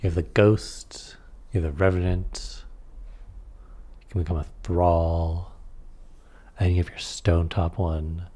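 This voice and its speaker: A man's voice: low voice, level tone, slow pace, long pauses, warm tone. A man reading aloud through a tabletop game rulebook and adding casual comments on the rules. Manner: reads rules aloud, then comments offhandedly.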